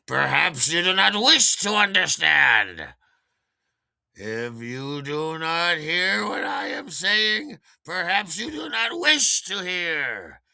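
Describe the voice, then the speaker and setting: A man voicing a drunk woman caller who rants slowly and formally. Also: sits high, very animated, vocal fry, pushed and bright, no echo, voice pushed up, exaggerated voice. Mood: ranting. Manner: slow, overly formal, ranting.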